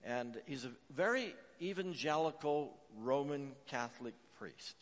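A man preaching a sermon as pastor, telling a story with frequent "uh" fillers and swinging between hushed and emphatic delivery. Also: medium pitch, lively intonation, unhurried. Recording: long reverb of a large hall.

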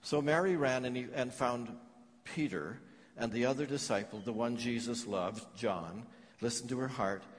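A man preaching a sermon as pastor, telling stories earnestly with pauses and restarts. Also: medium pitch. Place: large church hall. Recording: long hall reverb.

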